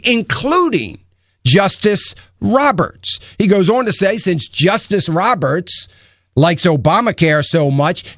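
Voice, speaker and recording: A male talk radio host with a fairly high voice, speaking his mind with emphasis and tossing out rhetorical questions. The studio sound is dry and close, with no room echo. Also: fairly bright tone. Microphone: studio microphone.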